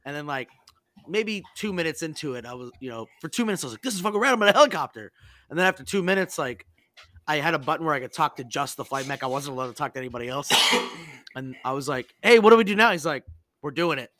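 A man's voice: a little high, quick pace, dry recording. Chatty man with a dry close sound. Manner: animated, profane, acts out quoted voices. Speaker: podcast host. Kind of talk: casual storytelling chat.

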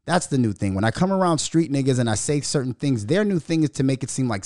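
A man's voice: mid-range voice, big pitch swings, quick pace, darkish tone, no room sound, clean studio sound. A man hosting a podcast, ranting in a profane monologue and mocking the voices of others. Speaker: podcast host.

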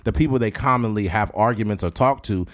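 A man co-hosting a casual podcast chat, lively and animated, acting out quotes in high mocking voices. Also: fast talker. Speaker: podcast co-host.

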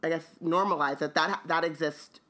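A woman's voice: low-pitched, fairly even intonation, normal speed, fairly bright tone. A woman co-hosting a casual book discussion, joking and laughing often. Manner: joking, laughs often, reads aloud with dramatic flair. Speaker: podcast co-host.

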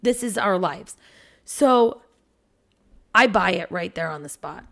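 A woman, a parent in her thirties, telling a story on a podcast in an animated, swearing, casual way. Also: lowish voice, slow pace. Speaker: podcast host.

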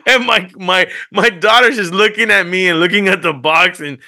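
A middle-aged man on a podcast, telling family stories in an animated way and acting out what his wife and kids said. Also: sits high, normal speed. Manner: animated storytelling, acts out family quotes. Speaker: podcast co-host. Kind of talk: casual chat.

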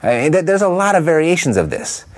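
Animated man coaching on sales calls. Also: fairly high pitch. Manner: emphatic, asks quick rhetorical questions. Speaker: real estate investing coach. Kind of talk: instructional talk.

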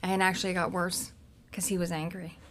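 A woman from Cincinnati, a podcast guest, frankly and haltingly recounting her own past with many restarts. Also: fairly low pitch, flat delivery, fairly bright tone, slight background noise. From Cincinnati, United States. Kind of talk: candid personal storytelling.

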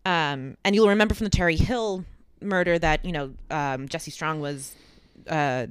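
A man's voice: a little high, normal speed, clean tone, no echo. A man hosting a podcast, telling a true crime story with dry asides and fillers. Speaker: podcast host.

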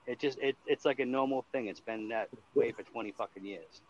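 Foul-mouthed Boston streamer, lo-fi. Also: male voice, medium pitch, fairly quick, crowd noise. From Massachusetts. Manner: swears constantly, loose rambling talk. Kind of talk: casual chat. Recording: dull lo-fi sound.

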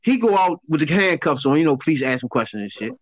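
A man's voice: fairly high pitch, fast, no echo, highs cut off. A man co-hosting a casual chat, riffing in street slang and laughing in disbelief. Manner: animated, laughing, incredulous outbursts in slang.

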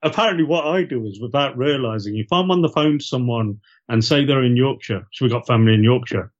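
A man's voice: mid-range voice, fast talker, lo-fi sound. A man from the East Midlands, a co-host telling rambling stories in a casual podcast chat. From East Midlands, England.

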